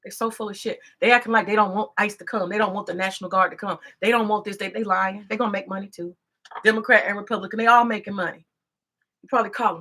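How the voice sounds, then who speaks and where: Bright and forceful at medium pitch, this woman's voice holds a steady tone while moving at a quick pace. She's a political commentator delivering a profane, scolding rant, repeating herself as her anger builds in a casual monologue.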